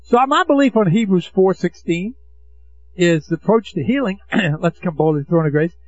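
A man's voice: sits high, lively intonation, moderate pace. A man preaching a sermon, emphatic and throwing rhetorical questions to the congregation. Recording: dull lo-fi recording.

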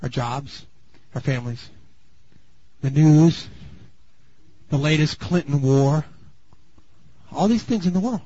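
A man preaching a sermon, dramatic and swinging from loud bursts to hushed asides. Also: on the high side, animated, slow, long pauses, slightly rough. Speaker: pastor. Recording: dull lo-fi sound.

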